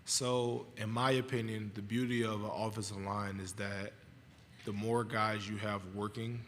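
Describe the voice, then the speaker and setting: A young man in his twenties from Louisiana, a college football player, answering press conference questions in a calm, thoughtful way with many fillers. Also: fairly low pitch, measured pace. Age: 20s. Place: large media hall. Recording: long reverb of a large hall, faint noise.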